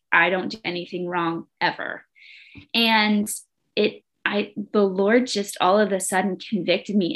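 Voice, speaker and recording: A woman's voice: medium pitch, a bit bright. A woman guest on a podcast, telling her personal faith story in an earnest, heartfelt way. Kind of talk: personal testimony in conversation.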